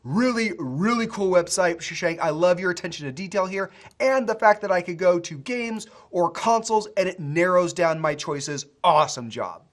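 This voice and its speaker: A coding school instructor who reviews student projects in a casual screen-share video, excitable and gushing, rambling with restarts. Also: medium pitch, moderate pace, few pauses, a little hiss or hum.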